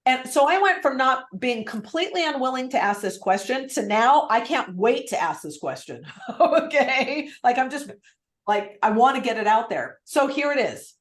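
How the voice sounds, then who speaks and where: A woman sales coach teaching on a live video call, lively and acting out phone script lines. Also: high-pitched, moderate pace, reverberant. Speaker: real estate sales coach.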